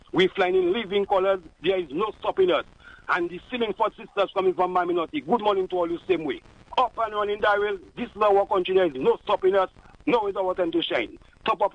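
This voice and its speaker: Fervent high-pitched Dominican male caller. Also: big pitch swings, fast talker, gravelly, no room sound. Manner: fervent, rambling, repeats catchphrases. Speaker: radio caller. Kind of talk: call-in political commentary. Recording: dull lo-fi dry radio line.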